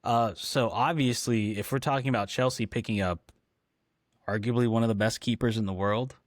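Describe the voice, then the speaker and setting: A man's voice: medium pitch, fairly even intonation, normal speed, no room sound, studio quality. A man co-hosting a casual football podcast, talking with frequent ums and restarts. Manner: hesitant, lots of ums and restarts. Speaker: podcast co-host.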